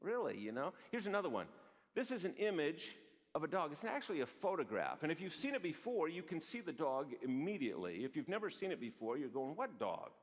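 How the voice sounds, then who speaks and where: A man's voice: a little high, brisk. A man, a psychologist, giving a storytelling conference talk in a large hall and acting out the lines he quotes. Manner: animated, acts out quoted lines. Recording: long hall reverb from a big venue.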